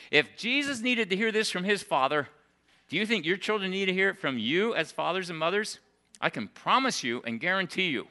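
An older man preaching a sermon, emphatic at times and dropping to soft, quiet storytelling. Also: sits high. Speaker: pastor.

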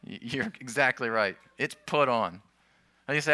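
A man preaching in a very bright, crisp voice, talking through his points in a loose, conversational way and often restarting his sentences. The sound is dry and close to the mic, with the room adding almost nothing. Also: mid-range voice, normal speed, no echo. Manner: conversational teaching with restarts and asides. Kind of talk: sermon.

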